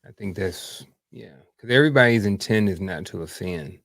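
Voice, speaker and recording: A man's voice: deep voice, expressive, moderate pace, creaky, fairly bright tone, dry recording. Man from Virginia, talks in loose, rambling questions, close and dry. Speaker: participant asking the coach. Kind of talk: casual discussion.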